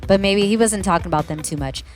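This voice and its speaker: A woman's voice: mid-range voice, fast talker, soft background music. A woman giving a casual, rambling commentary as she reviews a show, full of hedging asides.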